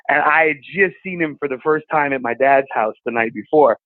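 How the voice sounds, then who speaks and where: Male comic guest, lively storyteller, dry phone-quality audio. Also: medium pitch, fairly quick, hardly any pauses, no room sound. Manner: animated, acts out voices in anecdotes. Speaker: comedian guest. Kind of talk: storytelling conversation. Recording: tinny phone-like call audio.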